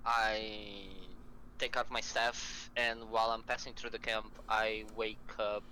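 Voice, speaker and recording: Bright-toned man playing a tabletop game. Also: fairly low pitch, little pitch movement, slight background noise, low-quality recording. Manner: measured, describes actions step by step. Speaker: player. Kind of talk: tabletop role-play.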